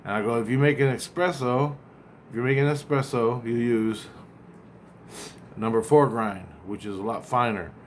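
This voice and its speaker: A man's voice: mid-range voice, steady tone, slight background noise. Rambling man retelling a dream. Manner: rambling, acts out both sides of a conversation; halting, repeats and restarts words.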